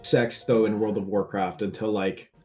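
A man's voice: on the low side, level tone, moderate pace, dark tone, faint music behind. A young man chatting casually about games, talking in a rambling way with many "like"s. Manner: rambling, heavy filler "like". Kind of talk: casual chat.

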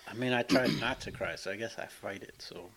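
A man co-hosting a podcast, telling family anecdotes in a relaxed, amused way. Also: on the low side, brisk. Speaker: podcast co-host. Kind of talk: casual chat.

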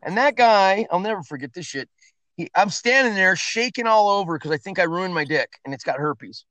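A high-pitched man tells crude stories as a guest in a casual chat, swearing constantly and making his voice climb and plunge with every turn. His voice sounds dry and close, with no room around it. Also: a little fast, no echo. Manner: profane, animated storyteller. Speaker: podcast guest.

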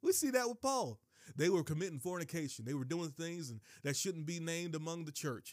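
A man preaching on his podcast, animated, digressing and breaking into high excited exclamations. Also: a little fast, dry recording, studio quality. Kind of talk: sermon.

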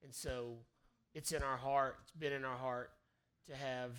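A man's voice: mid-range voice, little pitch movement, unhurried, fairly bright tone, clean tone. A man pastor who cuts in with playful remarks during a sermon. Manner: playful interjections. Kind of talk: sermon, casual chat.

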